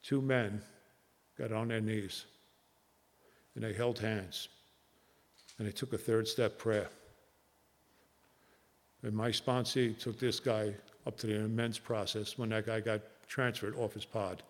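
A man with a New Jersey accent speaking at a recovery meeting, telling a personal story earnestly and haltingly, with many fillers. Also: fairly low pitch, flat delivery. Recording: long hall reverb.

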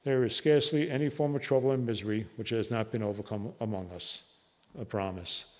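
A man with a New Jersey accent speaking at a recovery meeting, telling a personal story earnestly and haltingly, with many fillers. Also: fairly low pitch, darkish tone. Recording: long hall reverb.

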